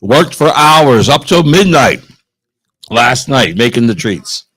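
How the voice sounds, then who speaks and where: A man's voice: mid-range voice, sing-song, slow, a bit bright, slightly rough, rough recording. An older man co-hosting a live promotional show at a wellness store event, agreeable and often chiming in to affirm. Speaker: co-host.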